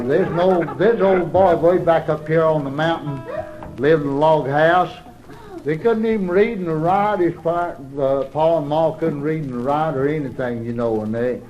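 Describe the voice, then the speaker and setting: A man with an Appalachian accent telling a folksy comic story in a long, slow, easy drawl. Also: fairly high pitch, darkish tone, poor audio.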